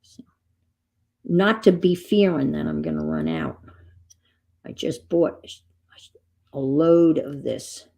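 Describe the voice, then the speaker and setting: A woman's voice: deep voice, wildly swooping pitch, slow, creaky, long pauses, dark tone. A middle-aged woman chatting casually as she crafts on a stream, telling rambling stories. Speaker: crafting vlogger.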